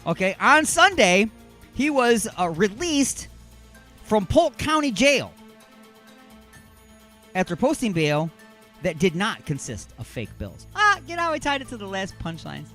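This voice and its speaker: A man's voice: high-pitched, sing-song, measured pace, pauses often, a bit bright, soft background music. A man hosting an internet radio show from a studio, joking and rambling with self-mocking asides as he reads out odd news stories. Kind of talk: comedic radio banter reading news stories.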